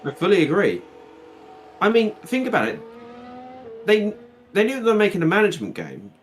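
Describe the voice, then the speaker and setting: A man's voice: sits high, wildly swooping pitch, normal speed, a little hiss or hum. A man chatting casually as a guest on a game stream, rambling and laughing as he talks. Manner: rambling, laughs while talking. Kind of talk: casual chat.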